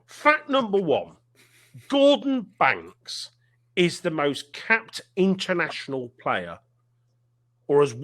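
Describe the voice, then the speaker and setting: A middle-aged man with an English accent and a high voice that swings up and down a lot. He chats casually as a podcast co-host and keeps breaking into laughter mid-story. His delivery is giggly and animated. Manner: laughs often while telling stories. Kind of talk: casual pub chat.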